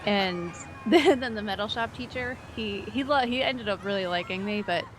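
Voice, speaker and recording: A woman's voice: medium pitch, normal speed, a little hiss or hum. A young woman chatting on a gaming stream, telling school stories with light laughs. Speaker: streamer co-host. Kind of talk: casual gaming stream chat.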